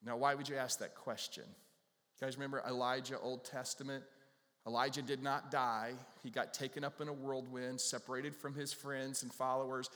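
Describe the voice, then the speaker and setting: A man's voice: medium pitch, little pitch movement, normal speed, a bit bright. A man preaching an expository sermon in a casual, folksy way, joking with the congregation. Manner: conversational, folksy, jokes with the congregation. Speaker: pastor. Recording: long reverb from a large hall.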